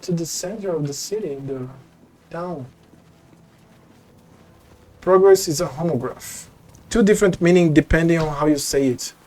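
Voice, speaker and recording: A man streaming a video game, talking to his chat in casual commentary, thinking aloud, getting excited and swearing often. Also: fairly high pitch, moderate pace, long pauses. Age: adult, former teacher. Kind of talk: casual live gameplay commentary.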